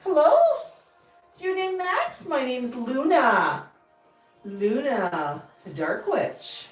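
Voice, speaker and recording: A playful dark witch, as a woman plays her in costume, teasing a pet bird in a high, lively, sing-song voice. She sounds far from the mic in a roomy space with faint music behind. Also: slow, full character voice. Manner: teasing, cooing at a parrot.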